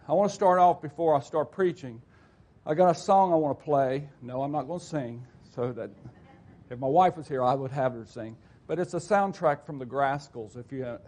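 A man's voice: medium pitch, darkish tone. A man in his sixties preaching a folksy church sermon, rambling and homespun, with frequent restarts and self-corrections. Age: 60s.

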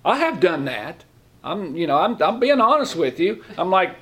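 Middle-aged man, lay preacher, folksy sermon delivery, slightly high voice, keeps asking the congregation questions. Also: big pitch swings, normal speed, fairly bright tone. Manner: folksy, asks the room questions; speaks in plain, informal grammar. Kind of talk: conversational sermon.

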